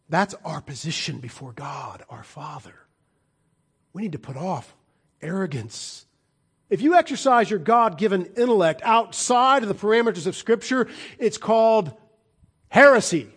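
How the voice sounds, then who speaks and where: A man preaching a sermon, swinging between loud emphatic declarations and quiet low asides. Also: breathy edge.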